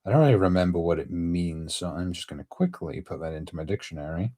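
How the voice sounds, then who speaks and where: A man's voice: low voice, animated, fast, warm tone. A man streaming a casual manga reaction, thinking aloud as he reads. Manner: thinking aloud, musing with fillers.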